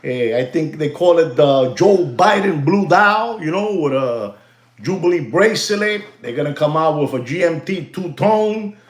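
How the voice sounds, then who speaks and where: A man hosting a watch channel, ranting to his viewers in an animated, repetitive way and slipping into Spanish phrases. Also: fairly high pitch, measured pace, roomy sound. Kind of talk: livestream rant to viewers.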